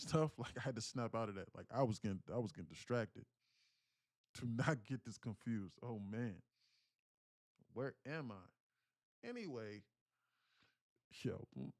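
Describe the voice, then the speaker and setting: A man's voice: mid-range voice, darkish tone, no room sound, studio quality. A man talking casually to his livestream audience, telling a story animatedly in street slang. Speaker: day trading livestreamer.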